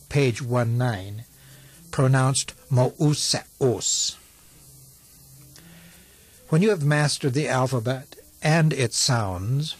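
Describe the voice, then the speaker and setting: A man reading a language lesson from an old instructional tape, slow and carefully enunciated. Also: medium pitch, husky, no echo.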